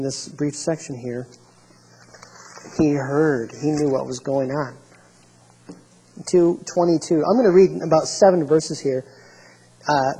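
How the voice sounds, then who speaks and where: A man's voice: on the high side, dark tone, slightly rough, rough recording. A male pastor preaching a sermon, emphatic and repetitive, reading scripture aloud and restarting his phrases often.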